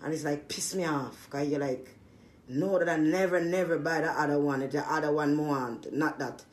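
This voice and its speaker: A woman's voice: sits low, steady tone, moderate pace. A woman, a small business owner venting in an angry, profane monologue. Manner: irritated, profane ranting.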